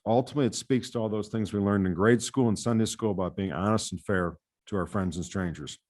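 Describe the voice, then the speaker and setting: A man with a notably low voice delivers prepared testimony before a committee. He speaks earnestly as a patient safety advocate from the US Midwest and often restarts on a repeated word. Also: quick pace, a little mellow.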